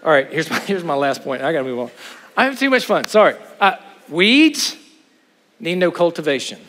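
Man, preacher, high-pitched, animated sermon, joking asides, long hall reverb. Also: moderate pace.

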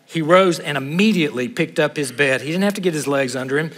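Male pastor, high voice, lively preaching, ringing hall reverb. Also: fast. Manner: animated, acts out voices of people in the story. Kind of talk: sermon.

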